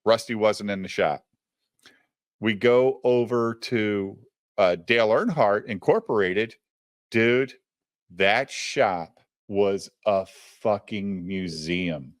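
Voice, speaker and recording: A man tells a story in a loose, chatty way, swearing freely and turning to his listener as he talks. His voice sits fairly low. It is recorded close and dry, with no room sound. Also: slow, dry recording. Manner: profane, animated, addresses the listener directly. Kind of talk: casual storytelling.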